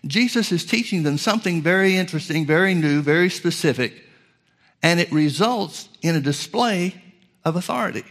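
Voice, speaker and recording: Man teaching a slow Bible sermon. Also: sits high, lively intonation, a bit bright. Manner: reads scripture slowly, stressing words; addresses listeners as folks. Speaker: preacher.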